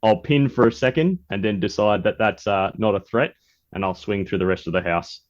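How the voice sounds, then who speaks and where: Low-voiced Australian man, tabletop player. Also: brisk, dull audio. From Newcastle, Australia.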